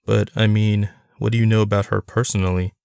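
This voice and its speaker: A man's voice: on the low side, level tone, brisk, creaky, darkish tone, smooth, no echo, studio quality. A man voicing an awkward, hesitant man in his mid-thirties, in an audiobook.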